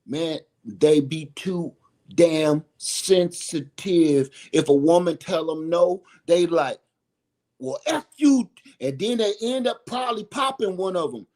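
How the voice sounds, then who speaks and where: A man's voice: a little high, measured pace, a little mellow. A middle-aged man talking straight to camera from home in a rambling, emphatic way, repeating his points. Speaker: video host. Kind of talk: casual opinion monologue.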